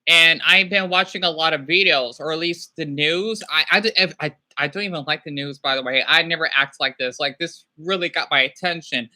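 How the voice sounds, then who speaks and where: A man hosting a casual livestream, rambling and excitable, often apologizing as he talks. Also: fairly high pitch, brisk, hardly any pauses. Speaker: livestream host.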